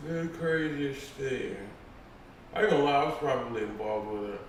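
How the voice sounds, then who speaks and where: A man's voice: mid-range voice, normal speed. A man in casual chat, telling stories in a rambling, profane way with many fillers. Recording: echoey room, voice far from mic, faint noise.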